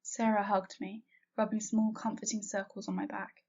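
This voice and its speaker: A woman reading a first-person fanfiction story aloud, in a soft, unhurried way that drops quiet at sad moments. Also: medium pitch, little pitch movement, husky, dull audio. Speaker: fanfiction reader.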